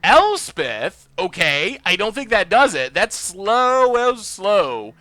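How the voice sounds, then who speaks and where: A man hosting a live game stream, thinking out loud about his plays and bursting into loud cheers when things go his way. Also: high voice, sing-song, slow, no room sound. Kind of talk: live gameplay commentary.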